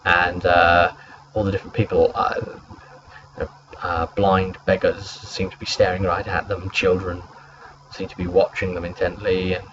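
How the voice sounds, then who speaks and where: A man's voice: low-pitched, flat delivery, measured pace, lo-fi sound, background noise. A man recapping a tabletop game session as its game master, rambling along with plenty of hesitant fillers.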